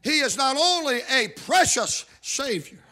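A man preaching a sermon, repeating call-outs to the congregation and rising into shouted emphasis. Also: extremely high pitch, big pitch swings, measured pace. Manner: builds to shouted emphasis, calls out "are you listening".

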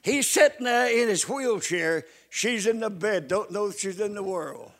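Older preacher, high voice, folksy sermon, hushed asides to loud exhortation. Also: male voice, lively intonation, moderate pace. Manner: repeats calls to the congregation. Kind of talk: sermon with storytelling.

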